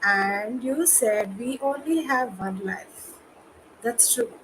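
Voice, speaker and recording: A woman moderating an online conference session, giving effusive, halting praise and reading audience questions. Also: on the high side, background noise.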